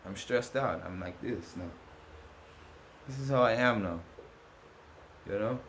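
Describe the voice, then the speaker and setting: A man's voice: lowish voice, measured pace, a bit bright, slight background noise. Man ranting in a rambling monologue. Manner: rambling and repetitive, with many restarts; ranting, aggrieved. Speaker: vlogger. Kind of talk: casual monologue to camera.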